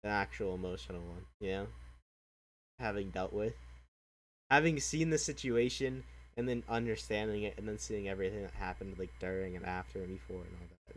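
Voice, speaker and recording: A young man hosting a reaction video, talking in a halting, earnest way with frequent swearing. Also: low-pitched, a little hiss or hum, poor audio. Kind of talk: casual reaction commentary.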